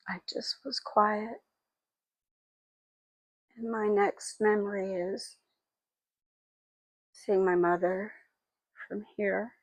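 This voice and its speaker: A woman in her sixties telling personal memories in a halting, reflective, tearful way. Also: mid-range voice, gravelly, darkish tone, no echo, low-quality recording. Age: 60s. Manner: halting and reflective, with frequent pauses and fillers; tearful and emotional. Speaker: spiritual vlogger. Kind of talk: personal memoir monologue.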